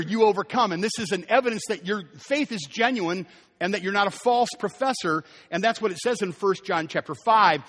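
A man preaching a sermon as pastor, telling stories with lively, animated delivery and acting out the people he quotes. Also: sits high. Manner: animated storytelling, voices quoted characters. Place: church sanctuary. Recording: long hall reverb.

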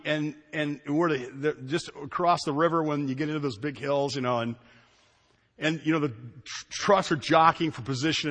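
Storytelling preacher in a reverberant hall. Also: male voice, a little high. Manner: storytelling, animated, repeats phrases for emphasis. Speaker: pastor. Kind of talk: sermon.

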